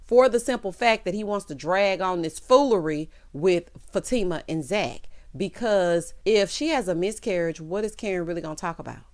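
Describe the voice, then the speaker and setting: With a lowish, slightly mellow voice, a woman recaps a TV episode at a moderate pace, rarely pausing. The vlogger delivers it with sass and drama, playing out the characters' lines and calling her listeners child, honey and baby.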